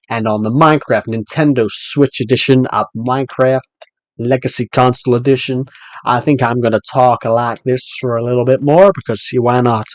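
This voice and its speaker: A streamer putting on an exaggerated American accent, playful and hammy on a live game stream. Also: male voice, mid-range voice, dry recording, close to an everyday voice. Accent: put-on American. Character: man hamming up an American accent.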